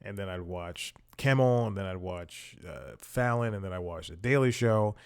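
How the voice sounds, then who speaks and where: A man's voice: deep voice, moderate pace, a little mellow, smooth. A man hosting a comedy podcast. He talks in a casual, rambling monologue, mocks himself, and chuckles between sentences.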